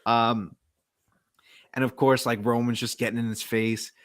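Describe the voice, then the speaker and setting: A man's voice: mid-range voice, little pitch movement, unhurried, fairly bright tone. A man casually recapping a wrestling match, telling it as a story, acting out quotes and laughing often. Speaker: podcast co-host.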